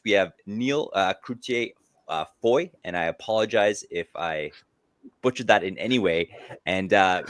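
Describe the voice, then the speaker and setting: A man's voice: on the low side, no room sound. Enthusiastic male panel host, dry sound. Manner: enthusiastic, effusive welcomes. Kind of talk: hosting a panel discussion.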